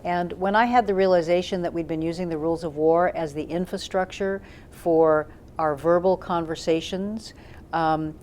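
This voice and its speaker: A woman with a fairly low voice explains ideas about communication, thinking aloud with "um"s and "uh"s. She talks as a trainer and demonstrates questions with shifts in her tone. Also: darkish tone, a little hiss or hum. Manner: thoughtful, demonstrates questions with tone shifts, frequent um and uh fillers. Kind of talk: explanatory talk to camera.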